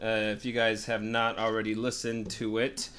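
A man co-hosting a podcast in casual chat, blunt and swearing, with halting restarts. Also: fairly low pitch, completely flat delivery, a bit bright. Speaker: podcast co-host.

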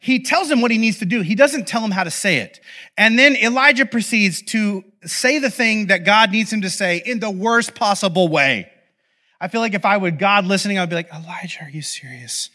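High-voiced, bright-toned male preacher. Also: moderate pace. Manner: animated, playful storytelling with asides. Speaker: pastor. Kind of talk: casual conversational sermon.

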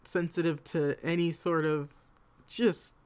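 Woman, lowish voice, podcast co-host, casual chat, laughs mid-sentence. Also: steady tone, a little slow, darkish tone, clear, resonant tone.

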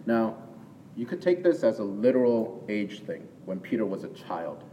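A man's voice: lowish voice, sing-song, moderate pace, dark tone, slight background noise. A man preaching a sermon in a conversational way, often checking in with "right?" and rising into emphatic bursts. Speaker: pastor. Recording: long hall reverb, from far off, faint ambience.

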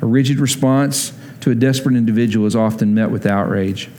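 A man's voice: medium pitch, fairly quick, a little hiss or hum. A man preaching a sermon, telling a personal story and acting out the dialogue of the people in it. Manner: animated storyteller, acts out dialogue. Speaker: pastor.

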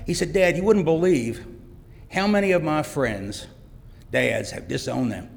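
A middle-aged father, invited to speak at a church service, gives a heartfelt personal testimony with clear emotion. His gravelly voice sits a little higher than most men's, and he speaks expressively at a measured pace while the church hall's long reverb rings around him.

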